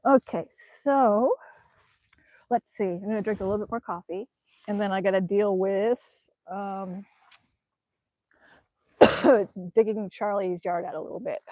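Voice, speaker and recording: A woman's voice: medium pitch, a little slow, pauses often, dark tone, no echo. A woman chatting casually on a live stream outdoors in winter, rambling with many ums as she reads the chat. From Alaska. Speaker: vlogger reading live chat. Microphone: phone camera.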